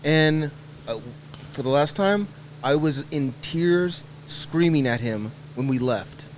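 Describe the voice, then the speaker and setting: A man telling a story as a podcast guest, quick and repeating words as he goes. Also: a little high, expressive, a little hiss or hum. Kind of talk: casual storytelling.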